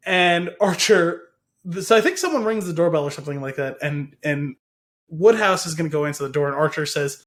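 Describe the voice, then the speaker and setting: A man's voice: on the high side, expressive, brisk, fairly bright tone. A man co-hosting a podcast in casual chat, rambling through a retelling and often laughing. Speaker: podcast co-host.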